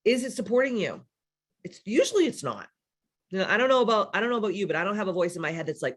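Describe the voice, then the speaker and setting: A woman in her forties talks through a lesson like a life coach chatting with her students. She is blunt and unfiltered, swears freely and checks in with a rhetorical "right?" every few sentences. Her voice sits at an ordinary middle pitch. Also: big pitch swings, fast talker, a bit bright. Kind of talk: casual teaching talk.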